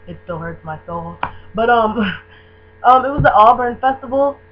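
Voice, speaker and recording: A young woman from Michigan gushing about a band she loves in a casual video, with lots of "um" and "like" and excited rambling. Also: fairly high pitch, measured pace. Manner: gushing, excitable, filler-heavy fan talk. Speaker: vlogger. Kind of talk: casual fan tag video. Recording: dull lo-fi webcam audio with faint hum.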